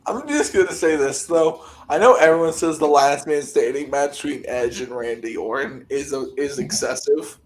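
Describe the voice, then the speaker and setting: A young man co-hosting a podcast, telling stories in a casual, animated way with a lot of laughter. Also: on the high side, normal speed, hardly any pauses, poor audio. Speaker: podcast co-host. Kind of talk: casual chat.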